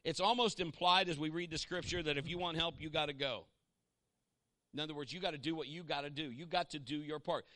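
A middle-aged man preaching an impassioned sermon, pausing to have the congregation repeat lines after him. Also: fairly high pitch, pushed and bright, no echo, clean studio sound. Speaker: pastor.

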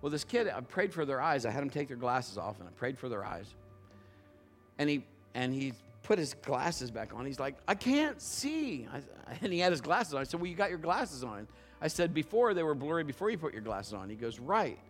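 A male pastor preaching a sermon in a conversational storytelling way, building to loud emphatic bursts. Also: medium pitch, lively intonation, brisk, soft background music.

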